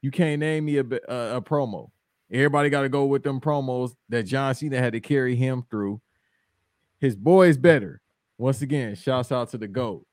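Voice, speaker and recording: A man's voice: mid-range voice, moderate pace, darkish tone, no room sound. Blunt, slangy man, dry close sound. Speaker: podcast guest. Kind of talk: casual wrestling podcast chat.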